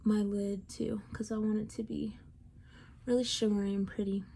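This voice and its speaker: A young woman talks through her makeup routine in a relaxed, chatty way, joking about herself as she goes. She is heavily pregnant and audibly short of breath, sighing between sentences. It sounds like a home recording made on a camera in front of her. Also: mid-range voice, normal speed, creaky, slight background noise. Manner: chatty and self-deprecating, with frequent sighs. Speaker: beauty vlogger. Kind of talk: casual makeup tutorial chat.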